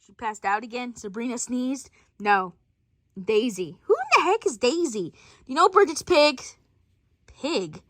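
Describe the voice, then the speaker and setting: High, lively woman voicing a family skit. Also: no echo, clean studio sound. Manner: switches between many character voices. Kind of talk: playful family role-play.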